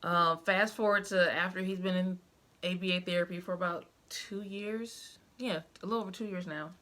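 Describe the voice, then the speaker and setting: This vlogger, a young mother, has a lowish, bright, forceful voice with a steady tone and moderate pace. She casually tells the camera about her life as a mother in a heartfelt, emotional way, using many fillers.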